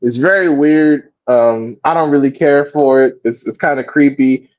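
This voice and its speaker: A man hosting a live reaction stream, talking casually and profanely in an animated rant. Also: medium pitch, normal speed, highs cut off. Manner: animated, profane, mocks others in quoted voices. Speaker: host.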